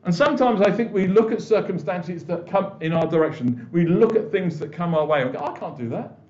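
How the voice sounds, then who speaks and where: A pastor delivers a conversational sermon in a high, mellow voice at a fairly quick pace, frequently restarting his sentences and acting out what people say in quoted voices. The church recording is echoey and dull.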